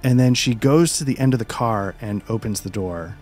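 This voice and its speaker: A man running a tabletop role-playing game as game master, calmly describing scenes with frequent fillers. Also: mid-range voice, normal speed, faint music behind. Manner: calm descriptive narration with many fillers.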